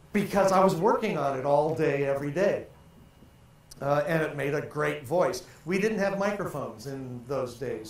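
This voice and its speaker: Older man, booming in an echoey hall. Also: darkish tone. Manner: theatrical, projects and stretches vowels and syllables in drills. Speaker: voice and speaking coach. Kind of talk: workshop lesson with vocal exercises. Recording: very echoey room, faint ambient noise.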